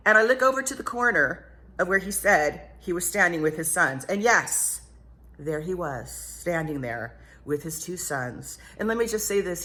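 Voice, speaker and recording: A middle-aged woman telling a story in a casual vlog, animated and self-mocking, often laughing. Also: fairly low pitch, moderate pace. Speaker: vlogger.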